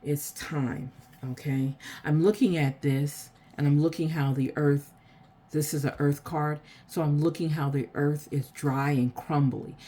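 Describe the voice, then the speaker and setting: A woman giving a spiritual oracle card reading to her viewers, repeating phrases in a soft, unhurried way. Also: low voice, fairly even intonation.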